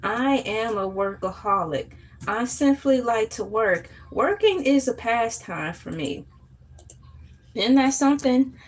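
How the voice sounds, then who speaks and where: A woman hosting a casual morning livestream chat, playful and animated, often jumping into high squeals. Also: takes it slowly. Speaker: livestream host.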